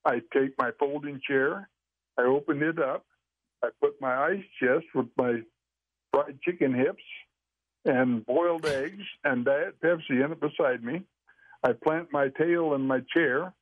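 A man's voice: on the high side, no room sound. An older man telling folksy, rambling stories in casual conversation, with frequent restarts. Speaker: podcast guest sharing Sasquatch experiences. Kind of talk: casual storytelling chat. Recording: tinny phone-line audio.

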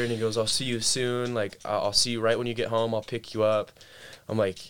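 A man's voice: on the low side, fairly even intonation, a little fast, crowd noise. A young man in casual conversation, telling a personal story in a laid-back way and often saying "like" and "dude". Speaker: guest telling his story. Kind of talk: casual chat.

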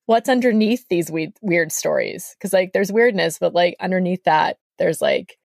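A woman from Canada, a podcast guest, telling a story in a casual, animated way, acting out the voices she quotes and saying "like" a lot. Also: on the low side, normal speed, vocal fry, no echo, studio quality. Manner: animated, acts out quoted voices, heavy use of "like".

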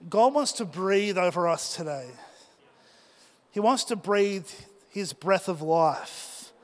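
High-voiced man preaching in a reverberant hall. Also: takes it slowly. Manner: lively storytelling, asks the congregation questions. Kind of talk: sermon with personal story. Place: church hall.

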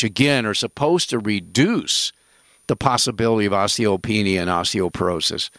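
Radio health host, male, gravelly, dry close sound, rambling and jokey. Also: medium pitch, a bit bright, dry recording. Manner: rambling, jokey, emphatic asides. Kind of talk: casual radio talk.

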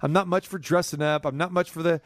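Man, middle-aged, sports radio host, high voice, dry studio sound, rambling animated storytelling. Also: fast, no room sound. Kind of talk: casual sports talk chat.

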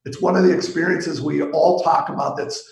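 A middle-aged man from Pittsburgh, a sales executive guest, telling golf stories in a relaxed, anecdotal way with lots of fillers. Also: on the high side, moderate pace, vocal fry, reverberant, low-quality recording. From Pittsburgh, USA. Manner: warm anecdotal, chuckles, trails off with fillers. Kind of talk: casual storytelling.

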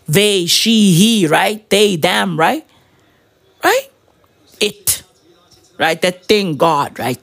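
A man's voice: extremely high pitch, creaky, fairly bright tone. A man giving a rambling, profane commentary full of slang and fillers. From South Africa. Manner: rambling, slangy, swears constantly, many fillers. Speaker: vlogger.

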